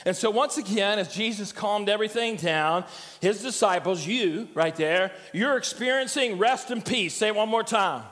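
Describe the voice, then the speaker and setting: A man's voice: high voice, normal speed, fairly bright tone. An older man preaching a sermon as pastor, conversational and joking as he tells stories. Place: church sanctuary. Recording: church hall reverb.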